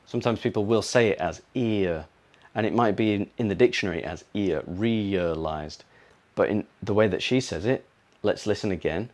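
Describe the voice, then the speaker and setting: Low-voiced british guy teaching english sounds, says words over and over. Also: a little mellow. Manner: explains slowly, repeats and models words. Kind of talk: pronunciation lesson.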